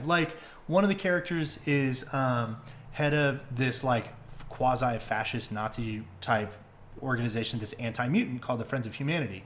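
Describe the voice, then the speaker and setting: A young man hosting a podcast, retelling stories in casual, excitable chat full of fillers and swearing. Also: medium pitch, moderate pace. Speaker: podcast host.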